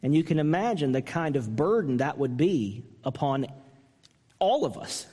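A man preaching a sermon as pastor, earnest and emphatic, asking the listeners pointed questions and climbing high when he mimics a harsh reading. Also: big pitch swings, moderate pace, mellow, husky, big-room sound.

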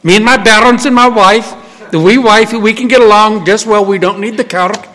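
A man's voice: high voice, normal speed, pushed and bright, slight background noise, voice pushed up. A man voicing a stubborn old Scottish farmer, with a broad Scottish brogue, speaking in a reverberant hall. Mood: stubborn, defensive.

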